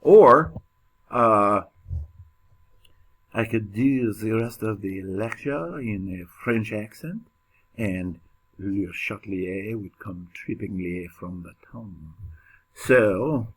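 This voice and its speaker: Slow, low-voiced male chemistry teacher. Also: slightly rough. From United States. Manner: casual, joking, with many fillers and restarts. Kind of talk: classroom lecture.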